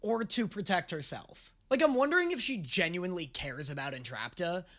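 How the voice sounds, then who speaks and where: A man hosting a reaction video, speaking in an excitable, sarcastic and profane way. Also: high voice, normal speed. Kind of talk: casual reaction commentary.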